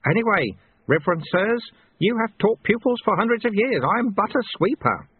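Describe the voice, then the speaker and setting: A man's voice: high-pitched, very animated, normal speed, husky, pitched above the performer's own voice, exaggerated voice. A man voicing a wry old male sweeper monk who talks in a mild, knowing way and quotes sayings. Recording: tinny phone-like audio.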